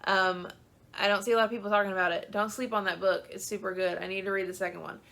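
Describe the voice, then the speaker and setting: A woman's voice: medium pitch, level tone, fast talker, vocal fry, pushed and bright. A young woman talking about books in a casual video, chatty and gushing, with lots of "um" and "like". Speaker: book vlogger. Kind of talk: casual chat.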